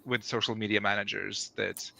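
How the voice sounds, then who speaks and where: Tired man with a bright, drawling voice. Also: on the low side, little pitch movement, normal speed, vocal fry. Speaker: guest co-host. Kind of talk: casual chat on a live stream.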